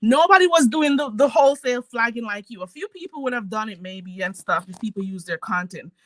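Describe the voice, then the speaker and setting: Woman ranting, heated and mocking, profane, fairly high voice, dry close sound. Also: expressive, brisk, no echo. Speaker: YouTube commentary host. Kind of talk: ranting commentary.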